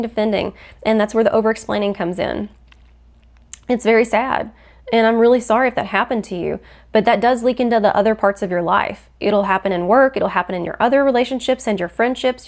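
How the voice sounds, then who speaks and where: A woman hosting a faith-based podcast, teaching in an earnest, explanatory way and acting out quoted phrases. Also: mid-range voice. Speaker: podcast host.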